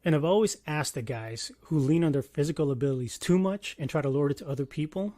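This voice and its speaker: A man in his thirties giving a casual commentary monologue, animated, swinging between loud bursts and quiet asides and swearing freely. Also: a little high, fast talker, no room sound, clean studio sound. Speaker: commentary vlogger.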